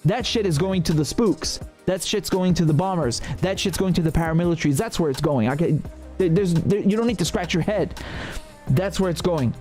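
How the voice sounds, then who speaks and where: A man's voice: high voice, fairly quick, a little mellow. A man hosting live political commentary, indignant and sarcastic, swearing freely as he rants. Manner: indignant, sarcastic, profane ranting. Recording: faint music behind the voice.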